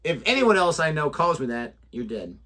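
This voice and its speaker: A man's voice: on the high side, big pitch swings, brisk, sharp tone. A young man co-hosting a reaction video, chatting casually, joking and laughing often. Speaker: reaction channel co-host.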